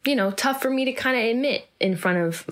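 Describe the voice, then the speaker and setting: A woman's voice: on the high side, fairly quick, fairly bright tone. A young woman actor in an interview, talking candidly and reflectively with many fillers and restarts.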